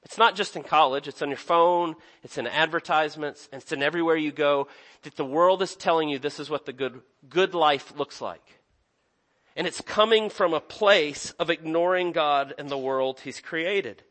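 A man's voice: fairly high pitch, normal speed, a bit bright. A young man preaching a sermon in an earnest, conversational way, often restarting his sentences. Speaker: pastor.

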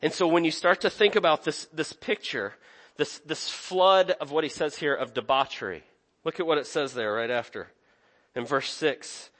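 A man's voice: fairly high pitch, normal speed, fairly bright tone. A young man preaching a sermon in an earnest, conversational way, often restarting his sentences. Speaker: pastor.

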